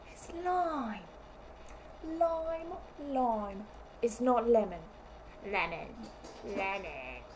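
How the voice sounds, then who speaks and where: A high-voiced, melodramatic TV shopping hostess, put on by a woman, who says everything over and over at a slow, deliberate pace. Faint room noise sits under the voice. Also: a little mellow, rough recording. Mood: irritated. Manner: repetitive, overwrought, melodramatic. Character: pushy female TV sales host with phony accent. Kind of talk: comic sketch.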